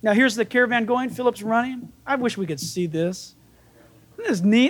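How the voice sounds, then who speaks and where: A man preaching a sermon as pastor, animated and playful, acting out the people in his stories. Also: very high voice, moderate pace.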